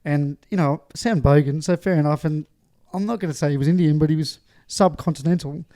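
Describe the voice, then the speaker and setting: A young Australian man co-hosting a podcast, telling lively stories with swearing and quick banter. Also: on the high side. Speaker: podcast co-host. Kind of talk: casual sports chat.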